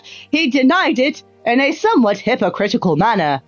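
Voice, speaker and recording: A woman's voice: on the high side, sing-song, moderate pace, few pauses, dry recording, soft background music. A woman streamer reading game text aloud with dramatic flair, breaking off for sarcastic, profane asides.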